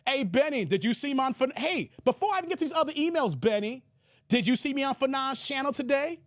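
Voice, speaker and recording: A combative man hosts his own channel, reading hostile emails aloud and mocking them. His pitch jumps around a lot as he rants, and he keeps tossing in "here" as filler. The sound is dry and close to the mic. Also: animated, fast talker, a bit bright, dry recording. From United States. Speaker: channel host. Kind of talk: reading emails and ranting on camera.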